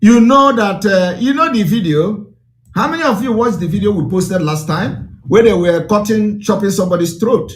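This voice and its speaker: A man's voice: sits high, normal speed. A man with a Nigerian accent giving an impassioned broadcast address, fiery and declamatory with lots of repetition. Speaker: political broadcaster.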